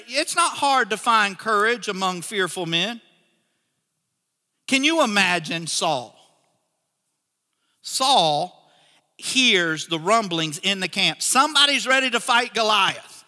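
A male pastor preaching in a church, animated as he acts out the people in his story. His voice sits high and sounds very bright and forward. The sound rings with a long hall reverb. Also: slow pace, pauses often. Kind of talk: sermon.

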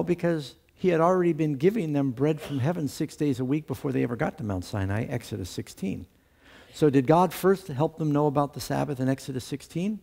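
A man's voice: a little high, gravelly, mellow. A man teaching a Bible study lesson to a class, reading scripture aloud with lifted emphasis and posing questions that he then answers himself.

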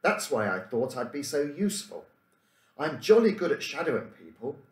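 A man's voice: a little high, very animated, normal speed, pitched above the performer's own voice. A man reading aloud and voicing an eager, cheeky small boy who argues his point and stumbles over his words. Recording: roomy room echo.

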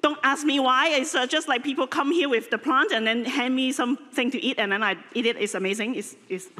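Bright-voiced woman rambling in a hall. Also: high voice, brisk. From Hong Kong. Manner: rambling, hesitant, playful. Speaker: conference speaker. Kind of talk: lightning talk announcement. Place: large conference hall. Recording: reverberant hall.

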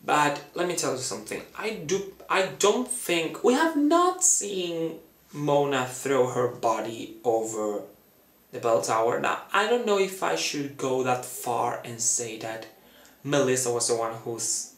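A man talking through a fan theory in a chatty, dramatic way, acting out quotes in a high voice. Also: lively intonation, measured pace, fairly bright tone, echoey room. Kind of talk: casual fan theory talk.

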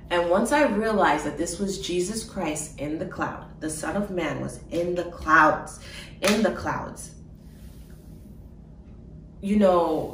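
A woman telling of her dream in an emotional personal testimony, halting with fillers and soft laughs. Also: sits low, roomy sound, recorded from a distance, slight background noise, rough recording.

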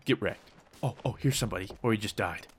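A man commenting on his own gameplay, switching between mock-serious war narration and excited, jokey outbursts. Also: fairly low pitch, fast, slight background noise. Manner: jokey, teasing. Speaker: gaming YouTuber.

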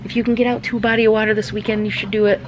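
A woman's voice: mid-range voice, little pitch movement, racing, a crowd in the background. A woman hosting a casual vlog outdoors at a lakeside cabin, chatty and playful as she talks straight to her viewers. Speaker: vlog host.

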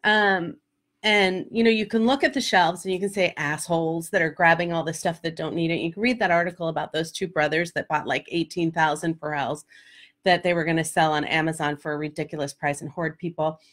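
A middle-aged life coach and vlog host tells a story straight to camera, candid and emotional, with many fillers and tearful moments. Her voice is low, steady, fairly quick and a bit bright.

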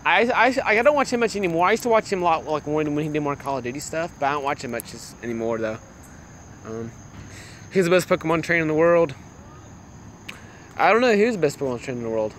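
A young man casually chatting with viewers on a livestream while playing a phone game, excitable and laughing often. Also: on the high side, fast, a little hiss or hum. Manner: excitable, laughs a lot, greets chat viewers. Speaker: livestream gamer.

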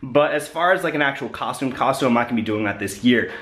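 A man's voice: mid-range voice, animated, quick pace, a bit bright. Rambling young man vlogging to camera. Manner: rambling, lots of "like" and "kinda". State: has the hiccups. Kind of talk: casual vlog chat to camera.

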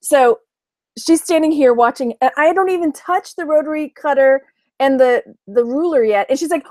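A woman's voice: sits high, normal speed, darkish tone, no room sound. Chatty, laughing woman vlogger from Texas. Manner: chatty, laughs often, imitates her mom. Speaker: online reseller vlogger. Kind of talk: casual chat to camera.

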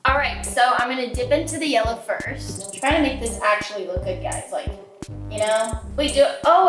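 A woman's voice: on the high side, normal speed, a bit bright. A woman vlogger chatting playfully and joking while she holds a contortion pose, sounding a little strained. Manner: playful, joking, bossy toward her helper. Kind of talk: casual vlog chat. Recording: echoey room with background music.

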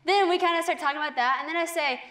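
A woman's voice: very high-pitched, a bit bright. A young woman sharing a faith testimony as a guest in a TV interview, earnest and chatty, with a lot of "like"s. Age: young adult. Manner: earnest, chatty, many "like"s, quick laughs.

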